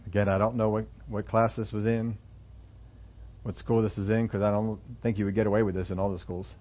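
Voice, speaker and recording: Man preaching, low voice, halting storytelling with restarts, dull lo-fi sound. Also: little pitch movement. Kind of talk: sermon storytelling.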